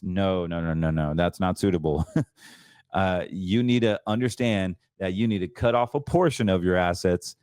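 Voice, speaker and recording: A man hosting a financial talk show, chatting casually and excitably about trades, often stumbling and restarting his sentences. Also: lowish voice, normal speed, smooth, no echo, studio quality. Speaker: host.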